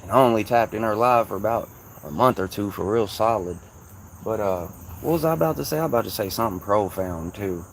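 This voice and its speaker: A man from Kentucky with a Louisville accent and a soft, slightly raspy voice, rambling casually to his viewers on a livestream in slang. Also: fairly low pitch, brisk, slight background noise.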